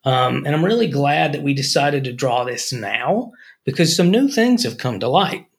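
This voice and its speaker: A man's voice: mid-range voice, lively intonation, moderate pace, vocal fry. A man co-hosting a podcast, telling stories and jokes in a rambling, casual way. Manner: rambling storyteller, frequent restarts. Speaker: podcast co-host. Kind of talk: casual chat, storytelling.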